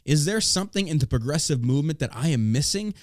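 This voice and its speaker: A man hosting a podcast rants in a profane, mocking way. His fairly high voice leaps all over the place, recorded close and dry on a studio mic. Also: expressive, quick pace, no room sound. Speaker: podcast host. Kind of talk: casual ranting chat.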